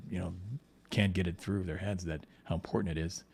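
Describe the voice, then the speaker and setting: A man's voice: sits low, steady tone, a little fast, gravelly, darkish tone, a little hiss or hum. A man, a comic book artist, talking casually on a livestream while painting, rambling with frequent restarts and lots of "you know".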